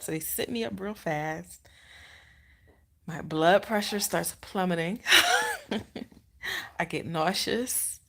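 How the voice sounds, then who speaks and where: A woman in her thirties tells a personal story on a vlog in a chatty way, full of "like" fillers and quoting people, including acting out the nurse. She speaks slowly with vocal fry and frequent pauses, lowering her voice because a baby sleeps nearby, with slight background noise.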